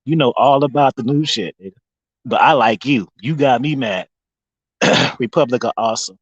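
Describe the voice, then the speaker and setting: A man livestreaming in a casual rant, animated and mocking, breaking into laughter often. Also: medium pitch, moderate pace, slightly rough, dry recording, lo-fi sound.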